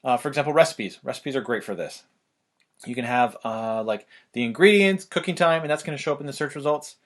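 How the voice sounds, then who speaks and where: A man, talking fast and loosely with lots of fillers as he explains online marketing, a little out of breath. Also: mid-range voice, fairly bright tone. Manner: rapid, loose, filler-heavy delivery. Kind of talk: casual fast explainer talk.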